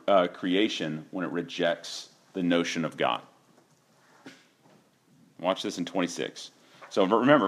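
A male pastor preaching a sermon in a conversational way, asking the congregation questions and acting out voices with sudden shouts. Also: on the low side.

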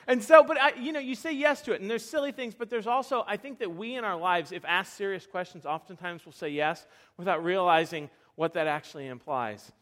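High-voiced young pastor telling lively stories. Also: male voice, brisk. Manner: animated, self-deprecating storytelling with frequent restarts. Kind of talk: sermon with personal stories.

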